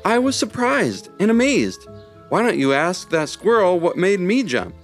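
An excitable young boy from a children's story, pitched high and full of eager shouts, as a man puts him on. The voice jumps wide as he startles and protests. Soft music sits faintly behind. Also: measured pace. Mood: excited.

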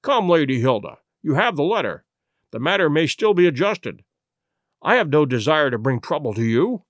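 A man reading an audiobook, playing a cool, commanding detective who speaks in a measured, authoritative way. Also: fairly high pitch, sing-song, no echo, clean studio sound. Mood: firm.

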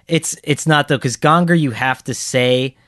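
This podcast co-host speaks at a medium pitch in an unhurried, fairly bright voice, captured with studio quality and no echo. He's co-hosting a football show, joking casually and rambling with lots of fillers.

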